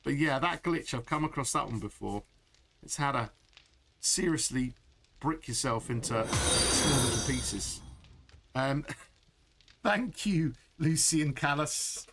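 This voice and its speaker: A man's voice: medium pitch, expressive, takes it slowly, pauses often, a bit bright, a little hiss or hum. A middle-aged man chatting through a live gameplay stream, laughing often and answering chat. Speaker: game streamer.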